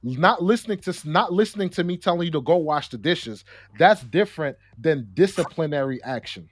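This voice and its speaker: A young adult man co-hosting a casual discussion, talking in an animated way with slang and repeated words. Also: a little high, brisk, no echo. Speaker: podcast co-host.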